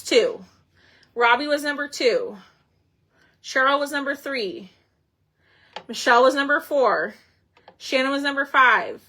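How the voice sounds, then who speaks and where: A woman's voice: a little high, sharp tone. A woman hosting a casual crafting livestream, chatting and thinking aloud as she works. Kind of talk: casual live crafting chat.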